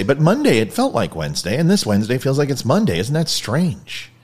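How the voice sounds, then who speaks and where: A man hosting his own show, telling a story in a loose, jokey way. His voice sits in a medium register but leaps up and down with lots of life. He shifts between loud bursts and quiet asides. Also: medium pitch, wildly swooping pitch, brisk, hardly any pauses, breathy edge. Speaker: host. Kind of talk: casual storytelling monologue.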